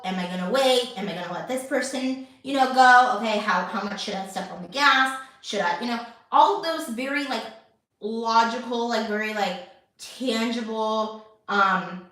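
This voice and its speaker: A young woman chats casually to her viewers, piling up fillers, restarts and asides. Her voice sits a little high. The room is very echoey and the mic is some distance from her. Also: fairly bright tone. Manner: chatty, many fillers and restarts. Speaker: lifestyle channel host. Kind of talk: casual talk to camera.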